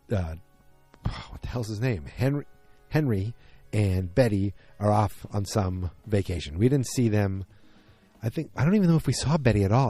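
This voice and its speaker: Dark, dry-voiced male podcast host. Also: lowish voice, no room sound. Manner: rambling, unsure, often second-guessing himself. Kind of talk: casual solo episode recap. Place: outdoors.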